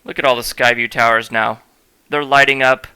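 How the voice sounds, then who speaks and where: A man's voice: medium pitch, fairly even intonation, normal speed, sharp tone, clear, resonant tone. A man hosting a let's-play, commentating on gameplay in a playful, jokey way and talking straight to viewers. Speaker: gaming host.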